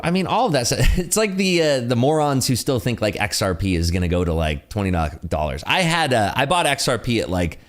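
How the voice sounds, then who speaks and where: Animated man ranting on a livestream. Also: on the low side. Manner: animated, ranting, with frequent fillers. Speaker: livestream day-trading host. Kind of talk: casual livestream chat answering viewer questions.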